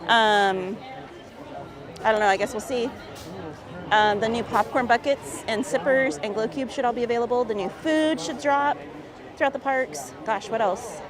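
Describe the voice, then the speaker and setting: A woman's voice: fairly high pitch, normal speed. Woman vlogger, chatty, reads chat aloud; outdoor phone audio with crowd all around. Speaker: livestream vlogger. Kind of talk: casual live-stream chat, reading chat aloud. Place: outdoors at a theme park. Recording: busy crowd noise outdoors. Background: park crowd noise.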